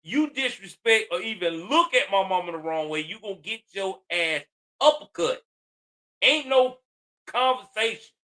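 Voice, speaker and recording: A man's voice: sits high, lively intonation, normal speed, bright, forceful tone. A man in his forties giving heated, profane commentary on a news story, ranting angrily with a lot of emphasis. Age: 40s.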